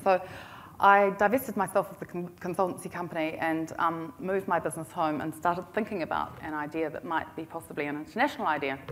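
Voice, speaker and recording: A middle-aged woman with a New Zealand accent telling a business story at a conference in a chatty, self-deprecating, humorous way. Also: on the low side. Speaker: conference speaker.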